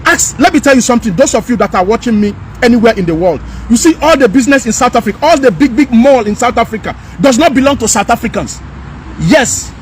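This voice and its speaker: A man's voice: very high-pitched, lively intonation, quick pace, a little hiss or hum. A man from Nigeria with a Nigerian accent, speaking straight to his viewers in an emphatic, repetitive, angry rant, recorded outdoors. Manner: emphatic, repetitive, rising to anger. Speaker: commentator. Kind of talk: impassioned direct-to-camera rant.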